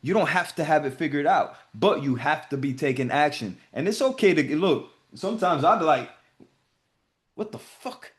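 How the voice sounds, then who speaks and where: A man's voice: on the high side, animated, brisk, hardly any pauses. A man hosting a group video call, giving casual motivational talk in a profane, emphatic way.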